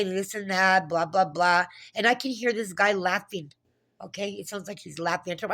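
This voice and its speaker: A woman's voice: mid-range voice, normal speed, a bit bright. A woman talking to camera in an agitated, profane monologue, retelling a phone call with many restarts. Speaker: vlogger. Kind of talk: casual monologue.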